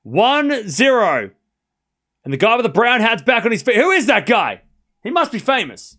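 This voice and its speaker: A man hosting a live stream, calling tennis play-by-play in a chatty, excitable way, joking about the crowd and talking to his viewers. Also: very high-pitched, moderate pace. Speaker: stream host.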